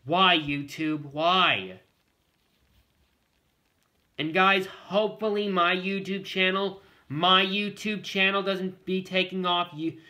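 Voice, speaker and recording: A man's voice: sits high, little pitch movement, measured pace, few pauses, sharp tone. A male vlogger talking casually to the camera, rambling and repeating himself as he keeps addressing his viewers.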